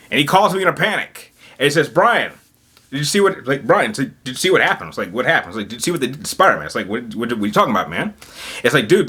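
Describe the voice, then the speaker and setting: Male gaming YouTuber, mid-pitched, very animated delivery, rambling, emphatic rant. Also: husky. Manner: rambling, repeats words and restarts often; agitated, emphatic. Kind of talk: casual vlog rant.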